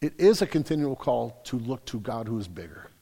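A young adult man preaching a sermon, telling a story with big swings between loud and hushed. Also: mid-range voice, very animated, a little fast, vocal fry, in a large hall. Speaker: pastor.

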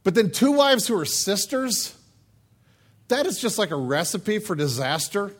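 A man with a notably high voice preaches a comic sermon. He tells the story in a joking, animated, conversational way, talking to his listeners directly. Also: measured pace. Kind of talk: humorous sermon.

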